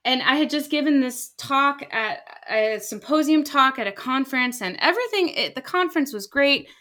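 A woman scientist in her thirties, explaining her research in lively casual conversation and acting out quoted voices. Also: high voice, normal speed. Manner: animated, acts out quoted voices. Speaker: scientist guest.

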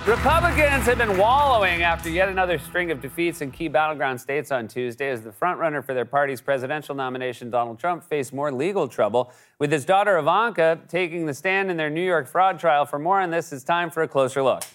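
A man's voice: a little high, a little fast, few pauses, music in the background. A man delivering a sarcastic comedic monologue as a late-night television host. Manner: sarcastic, mocking impressions. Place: television studio with audience.

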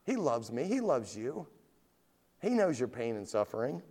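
A man preaching a sermon, swinging between loud rising questions and low quiet asides, and reading scripture in a heightened, drawn-out voice. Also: very animated, slightly rough. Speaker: pastor.

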